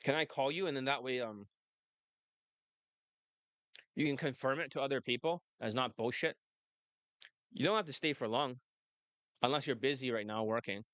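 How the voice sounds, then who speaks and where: A man's voice: mid-range voice, a little fast, a bit bright, no echo. A man coaching on dating, talking brashly and laughing often in casual chat. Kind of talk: casual monologue and phone call.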